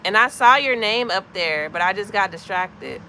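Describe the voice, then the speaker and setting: A woman in her thirties with a bright, forward American voice, chatting with her livestream audience and calling out viewers by name. Her tone is easygoing and talkative. Faint city traffic hums behind her, as if she is outside near a car. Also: medium pitch, expressive, normal speed. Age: 30s. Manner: chatty, greets viewers by name, drifts between comments. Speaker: livestream host. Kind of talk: casual live chat with viewers.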